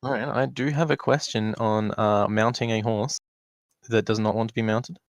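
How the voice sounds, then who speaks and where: A man's voice: lowish voice, fairly even intonation, moderate pace, no echo, studio quality. A man playing an online tabletop game, asking rules questions in a casual way. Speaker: player.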